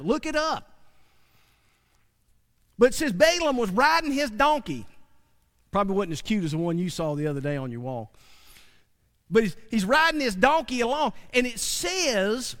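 Man, preacher, high-pitched voice, folksy conversational sermon, long hall reverb. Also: fairly bright tone. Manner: folksy, conversational, asks the audience questions.

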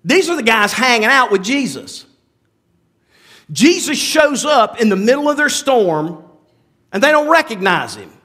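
Man, pastor, sermon, very high voice, lively swinging pitch, chatty with asides. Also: unhurried, long pauses. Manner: conversational preaching with many asides and restarts; asks the listeners rhetorical questions.

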